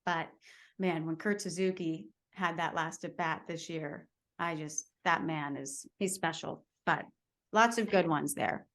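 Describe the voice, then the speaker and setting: Woman reporter chatting on a podcast, lotta ums, upbeat, fairly low voice. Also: steady tone, a little slow, a bit bright. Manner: storytelling, enthusiastic, many fillers. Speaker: baseball reporter, podcast guest. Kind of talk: casual chat.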